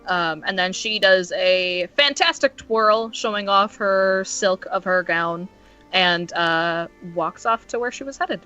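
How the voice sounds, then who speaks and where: Bright-voiced woman player on a dull line. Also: medium pitch, slow, faint music behind. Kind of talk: tabletop role-play over voice chat. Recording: dull lo-fi voice chat audio.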